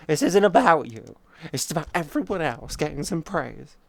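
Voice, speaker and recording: A man chatting casually on a livestream, teasing viewers playfully and cooing soft praise at them. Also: on the high side, sing-song, moderate pace, gravelly, hardly any pauses. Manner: playful, teasing chat banter. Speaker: streamer.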